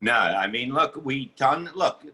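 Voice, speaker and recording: A man spins crude, rambling anecdotes on a podcast, stopping and restarting as he goes. His voice is bright and ringing, sitting in a middle pitch. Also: animated, unhurried, poor audio. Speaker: comedian guest. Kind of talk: casual podcast banter.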